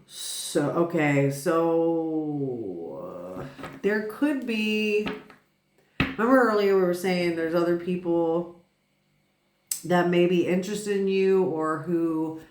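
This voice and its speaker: A woman's voice: fairly low pitch, animated, slow, long pauses, a little mellow, reverberant. A woman giving a casual tarot reading, rambling and swearing, who keeps bursting out laughing. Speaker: tarot reader.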